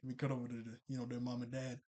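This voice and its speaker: A young man casually recapping a cartoon episode, chatty and quick to laugh, full of fillers and restarts. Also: mid-range voice, completely flat delivery, dark tone.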